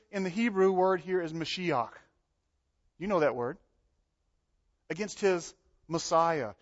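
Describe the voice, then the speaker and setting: A man preaching a sermon, animated, acting out the voices he quotes and swinging between loud and soft. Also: high voice, a little slow, pauses often. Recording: dull lo-fi sound.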